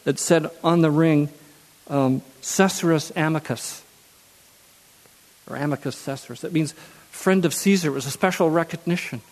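A man's voice: on the high side, moderate pace, long pauses, big-room sound. A man preaching a sermon who reads scripture aloud and then repeats key phrases for emphasis.

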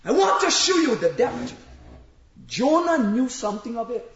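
A male preacher with a very high, lively voice delivers an impassioned sermon, shouting at the peaks and acting out Bible stories. He keeps calling on his listeners to listen. The recording is echoey and dull, lo-fi. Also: normal speed. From immigrant to America. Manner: repeatedly calls out "listen" to the congregation.

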